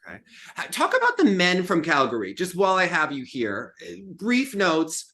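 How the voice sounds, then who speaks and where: A man hosting an interview in casual chat, with a chatty, animated way of asking questions. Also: sits high, moderate pace.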